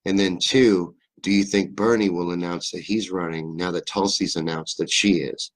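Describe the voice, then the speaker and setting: Going through viewer comments on his live stream, a young Kentucky man riffs in a loose, rambling way, swearing freely and cracking jokes. His very low, deep voice carries a faint Southern drawl, a steady tone, and a normal pace.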